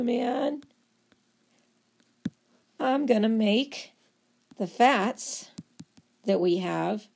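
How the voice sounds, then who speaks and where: A woman's voice: high voice, gravelly, dark tone, voice pushed up, heavily acted. Cocky helpful liver dude, breezy slangy talk, raised voice, as a woman puts him on.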